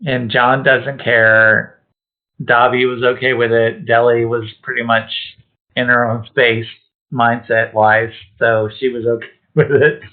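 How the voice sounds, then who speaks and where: A man's voice: mid-range voice, flat delivery, a little slow. A man playing a tabletop game, talking in a wry, blunt drawl. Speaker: player. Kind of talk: tabletop game play over voice chat. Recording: tinny phone-like voice chat.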